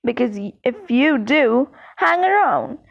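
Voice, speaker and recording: A woman's voice: sits high, big pitch swings, unhurried, vocal fry, lo-fi sound, exaggerated voice. A woman voicing a smug, malicious teenage boy wizard who drawls and taunts lazily. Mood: sneering.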